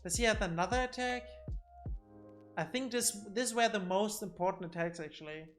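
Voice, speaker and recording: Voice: medium pitch, moderate pace, faint music behind. A streamer giving casual gameplay commentary on a desk mic, thinking aloud and often repeating words while explaining boss fights.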